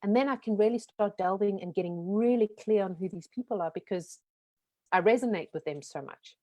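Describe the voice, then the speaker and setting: A woman in her forties from South Africa with a softened South African accent, talking frankly and lively as a guest in a casual interview. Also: medium pitch, no room sound. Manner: lively, frank, talks in quick runs. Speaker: guest, brand strategist.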